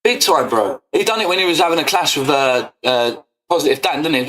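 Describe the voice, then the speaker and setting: A man's voice: fairly high pitch, lively intonation, a little fast, pushed and bright. A man ranting to camera on his football fan channel, confrontational and full of swearing. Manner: confrontational, swearing, repetitive "yeah?". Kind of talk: angry rant to camera.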